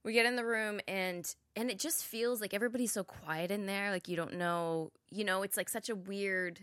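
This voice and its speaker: A woman's voice: medium pitch, steady tone, moderate pace, fairly bright tone, no room sound, studio quality. A woman guest telling a rambling story in casual chat, hesitant and often laughing. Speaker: podcast guest.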